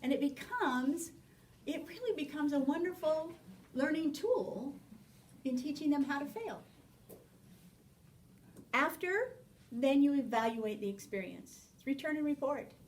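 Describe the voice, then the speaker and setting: A woman teaching a parenting class, lively, acting out short exchanges with children as she explains. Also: high-pitched, measured pace, pauses often, recorded from a distance, low-quality recording. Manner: animated, acts out little dialogues with children. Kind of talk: spoken class lecture.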